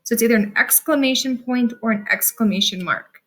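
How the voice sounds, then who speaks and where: A woman teacher giving a recorded lesson to children, speaking slowly and clearly with strong emphasis. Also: fairly high pitch.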